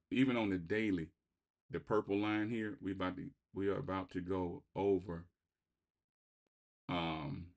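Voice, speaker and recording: A man hosting a trading channel, giving live market commentary over his screen in an excitable, rambling way, repeating himself and swinging between loud bursts and quiet muttering. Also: low voice.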